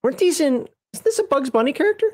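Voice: high voice, sing-song, fast, darkish tone. A co-host in casual chat, reading entries from a game book aloud with playful asides and frequent laughter.

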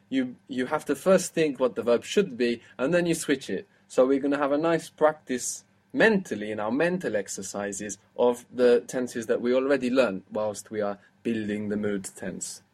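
A man's voice: mid-range voice, expressive, moderate pace, a little mellow. Patient male language teacher. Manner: patient, explains step by step and prompts the student. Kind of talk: spoken language lesson.

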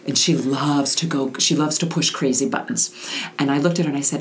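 A woman hosting a casual parenting conversation, talking in halting restarts and acting out little quotes. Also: very deep voice, slight background noise. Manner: halting, repeats words, acts out quotes. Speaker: host.

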